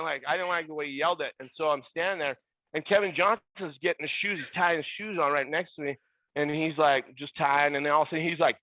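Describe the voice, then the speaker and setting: Pushed, bright, and a little high, this fast-talking middle-aged man's voice has no echo but comes through a tinny, phone-like line. As a podcast guest and former ballboy, he tells stories with energy, loudly imitating other people.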